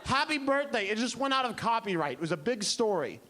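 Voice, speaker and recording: A man doing a stand-up comedy set on a club stage, telling stories in an animated, exaggerated way. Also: high-pitched, fast. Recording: noisy comedy club recording.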